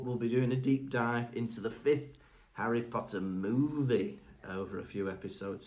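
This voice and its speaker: A man co-hosting a podcast, chatting casually and teasing his partner before signing off. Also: medium pitch. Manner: chatty, teasing, throws in suggestions. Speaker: podcast co-host. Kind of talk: casual podcast chat and sign-off.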